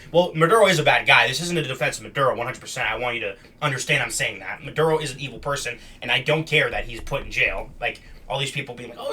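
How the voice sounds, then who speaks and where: A man's voice: mid-range voice, pushed and bright, husky. A young man giving blunt, slangy political commentary as he reacts to video clips.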